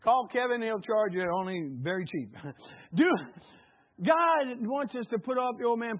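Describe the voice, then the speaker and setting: Heard through a tinny, phone-like recording, this male pastor has a high, slightly rough voice. He exhorts his congregation repetitively, urging them to echo his words back to him during the sermon.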